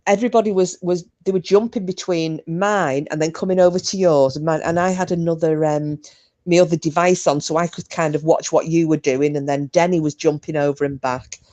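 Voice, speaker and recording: A chatty woman in middle age, talking casually to her livestream viewers from home. Her voice sits low and sounds mellow and dark. She laughs often and trades bawdy banter. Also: steady tone, brisk. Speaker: livestream host. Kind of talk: casual chat with live chat viewers.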